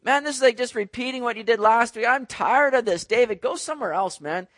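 A preacher putting on a fed-up, grumbling God. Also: male voice, very high-pitched, a bit bright, no room sound, studio quality, voice pushed up. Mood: exasperated. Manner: quick, mocking, offhand. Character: exasperated impatient God, male, grumbling.

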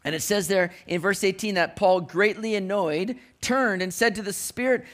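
A man delivers a sermon in a relaxed, talky way, stumbling over and restarting his phrases. His voice sits high for a man, and he throws in everyday slang as he explains the story. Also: moderate pace. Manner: conversational, frequent restarts, modern slang asides. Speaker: preacher.

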